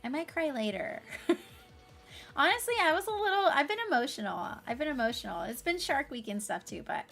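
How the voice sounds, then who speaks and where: Bubbly high-voiced woman streamer. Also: expressive, moderate pace, vocal fry, a bit bright, faint music behind. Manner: bubbly and effusive, frequent laughter and fillers. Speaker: variety streamer. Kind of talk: casual livestream chat.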